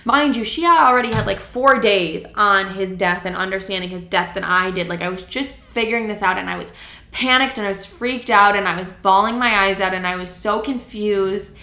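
With a sharp tone and medium pitch, this podcast host tells a story at a moderate pace. The young woman is casual and talkative, leaning heavily on "like" and cursing without restraint, and the recording has a roomy echo.

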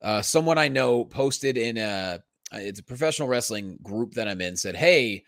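Lively storytelling podcast host, dry mic. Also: male voice, lowish voice, normal speed, vocal fry, no room sound. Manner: storytelling, animated and jokey. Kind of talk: casual podcast banter.

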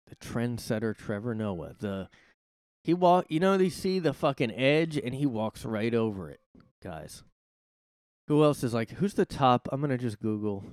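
A man's voice: mid-range voice, animated, normal speed, darkish tone, no echo. A man hosting his own show from his room, ranting casually in a rambling, sarcastic way with plenty of swearing. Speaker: podcast host. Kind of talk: casual solo commentary rant.

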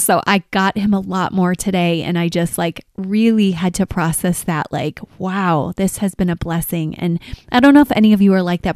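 A woman in her forties hosts a podcast, delivering a casual personal monologue that is chatty and heartfelt, full of "like" and quoted asides. Her voice is medium in pitch and a little mellow. The recording is dry, with clean studio sound.

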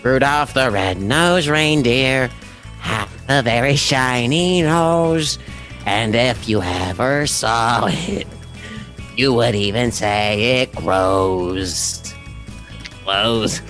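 A man putting on a small mischievous alien creature, singing in a strained, croaky voice. The delivery is slow and drawn out. A faint bed of music plays under it. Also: medium pitch, fairly bright tone. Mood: goofy singing. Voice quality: odd strained voice, drifting into a giggly villain croak. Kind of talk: karaoke impression game.

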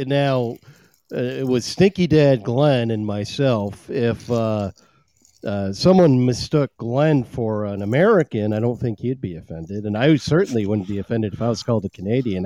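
A man's voice: medium pitch, normal speed, dark tone, dry recording. A man from Maine co-hosting a casual podcast, teasing his co-host in a wry way. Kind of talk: casual chat.

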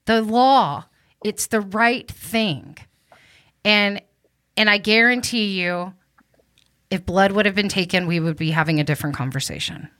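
A woman's voice: mid-range voice, unhurried, a bit bright. A woman hosting a podcast interview, earnest and emotional, near tears, with frequent ums and restarts. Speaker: host.

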